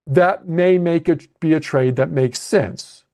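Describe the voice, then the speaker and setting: High-voiced man coaching options trades. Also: slow pace, a little mellow. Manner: explanatory, thinks aloud with restarts and checks like "okay?". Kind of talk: live webcast lesson walking through trades on screen. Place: at a computer narrating a screen share.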